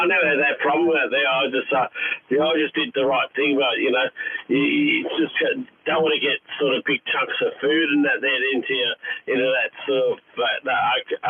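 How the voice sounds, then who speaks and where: A man's voice: mid-range voice, phone-quality sound. An Australian man chatting casually on the radio, rambling and swearing constantly. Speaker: radio operator. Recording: noisy radio transmission.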